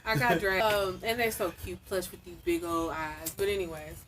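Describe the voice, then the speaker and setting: A woman guest telling a story in casual chat outdoors, animated and chatty. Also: fairly low pitch, normal speed, a little hiss or hum, low-quality recording. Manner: animated storytelling, lively quoted asides.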